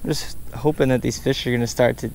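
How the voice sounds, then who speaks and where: A man casually talking through a fishing vlog outdoors at a pond, bursting into excited exclamations. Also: mid-range voice, quick pace, gravelly, slight background noise. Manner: excitable, bursts into loud exclamations over catches. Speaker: fishing vlogger.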